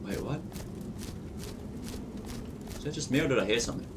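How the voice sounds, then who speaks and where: A man hosting a let's play, cursing and reacting excitably as he plays. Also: mid-range voice, normal speed, background noise. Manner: profane, excitable running reactions. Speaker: gaming channel host. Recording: distant mic with loud game music. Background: game music.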